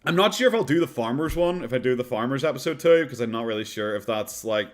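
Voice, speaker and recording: A man's voice: mid-range voice, lively intonation, fast. A man with an Irish accent giving casual, mocking commentary while watching a podcast, often laughing and rambling.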